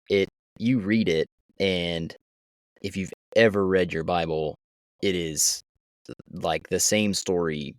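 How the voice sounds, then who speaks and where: Brief: very low male voice, rambling podcast co-host, dry close sound. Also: no room sound. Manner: rambling, trailing off. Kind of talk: casual book discussion.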